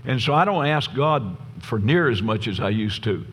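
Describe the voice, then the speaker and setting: Folksy preacher in an echoing church. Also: male voice, mid-range voice, expressive, normal speed, fairly bright tone, husky. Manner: folksy, tells jokes, asks the crowd "Amen?". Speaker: pastor. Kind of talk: sermon. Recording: long reverb from a large church hall.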